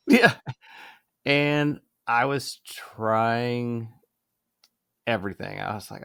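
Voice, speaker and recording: A man being interviewed as a guest voice actor, looking back on his early career in a slow, reflective way. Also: mid-range voice, creaky, fairly bright tone, smooth, dry recording, clean studio sound. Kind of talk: casual conversational interview.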